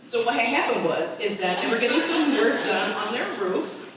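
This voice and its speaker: A woman performing an animated stand-up routine, acting out her family as she tells the story. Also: fairly high pitch, moderate pace, a crowd in the background. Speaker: stand-up comedian. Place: live comedy show with a crowd. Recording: echoey hall from far off.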